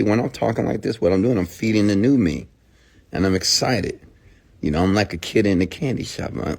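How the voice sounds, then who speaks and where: A middle-aged man giving a motivational monologue, emphatic and swinging from hushed near-whispers to shouts. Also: low voice. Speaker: motivational speaker.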